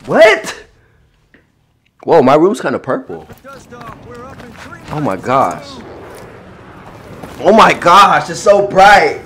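A man's voice: on the high side, a bit bright. A young man streaming a video game, chatting casually with his viewers in a playful, teasing way, full of slang and repeated phrases. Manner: slangy trash talk to chat. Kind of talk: casual live-stream chat.

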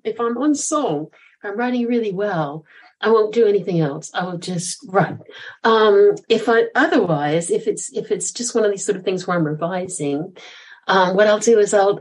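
An older woman speaking as a podcast guest, talking in a chatty, self-deprecating and animated way. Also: medium pitch, slightly rough, poor audio. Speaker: guest author and former cellist. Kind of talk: podcast interview.

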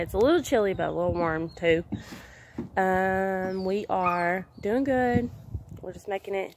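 A woman's voice: medium pitch, a little hiss or hum. A young woman chatting casually to her phone camera from her backyard, folksy, now and then turning to talk to her little daughter. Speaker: vlogger, mother. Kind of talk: casual vlog chat. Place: outdoors in a backyard.

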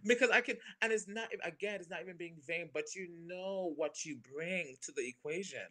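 Young Caribbean-born man, bright voice, expressive guest chat with sudden high-pitched bursts. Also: brisk. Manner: expressive, playful, jumps into high exclamations. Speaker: guest performer. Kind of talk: animated casual talk.

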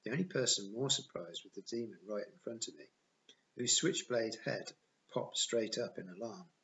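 Casting: a man reading a novel aloud, plain first-person narration, lower voice, dull lo-fi sound. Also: moderate pace, sharp tone. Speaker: audiobook reader.

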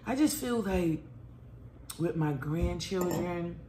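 A woman's voice: on the low side, slow. Blunt, swearing middle-aged mother at home. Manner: candid, blunt, swears freely, animated. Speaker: mother of the host, guest. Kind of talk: casual family chat over a meal. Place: room at home. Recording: roomy echo, faint background noise.

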